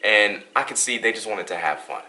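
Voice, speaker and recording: Man, very low pitch, bright tone, young adult, casual storytelling, acts out dialogue. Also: lively intonation, a little fast. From Western New York. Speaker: vlog host.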